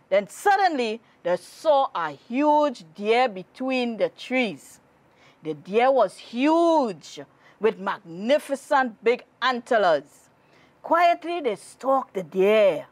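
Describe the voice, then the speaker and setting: A woman from Trinidad and Tobago, reading a children's story aloud in a slow, expressive storytelling manner. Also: mid-range voice, dry recording. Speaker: guest reader.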